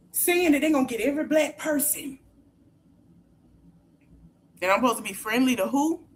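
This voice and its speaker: A woman podcast host vents in a heated, profane livestream rant. She repeats phrases for emphasis and breaks into shouts. Her voice sits slightly high.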